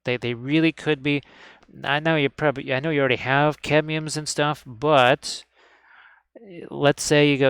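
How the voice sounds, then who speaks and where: A man streams a miniature painting lesson from his indoor hobby desk, speaking at a moderate pace in a fairly high, fairly bright, steady voice captured dry and smooth. Chatty and upbeat, he keeps repeating "look at this" so viewers look closely.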